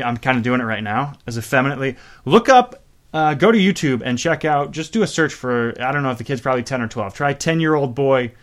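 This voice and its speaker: A man's voice: medium pitch, a bit bright. A man hosting a show, introducing songs in casual chat, rambling, swearing and mocking himself. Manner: rambling, profane and self-mocking. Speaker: host.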